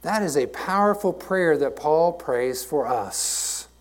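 A middle-aged man, a pastor preaching a sermon in a passionate, conversational way, swinging between loud emphatic lines and quiet asides. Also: a little high, lively intonation, slow.

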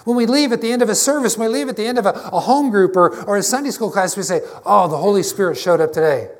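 A man's voice: very high voice, racing. A man preaching a conversational, emphatic sermon to his congregation, often restarting his phrases. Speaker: pastor.

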